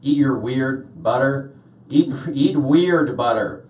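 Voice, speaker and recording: A man's voice: mid-range voice, slow. Male stand-up comic, roomy sound. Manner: deadpan with frequent "uh" fillers. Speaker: stand-up comedian. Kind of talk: stand-up routine. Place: comedy club stage. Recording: roomy club sound from a distance.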